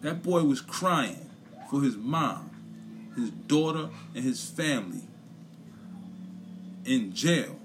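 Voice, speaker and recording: A man's voice: medium pitch, animated, slow, pauses often, noisy background. A young man gives a blunt, profane opinion rant in casual chat, repeating his points for emphasis. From Brooklyn, New York. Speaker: commentator.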